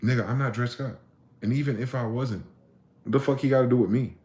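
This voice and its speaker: A man's voice: medium pitch, fast, a little mellow. A man delivering an impassioned, profane solo rant, firing off rhetorical questions. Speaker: vlogger. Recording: echoey room.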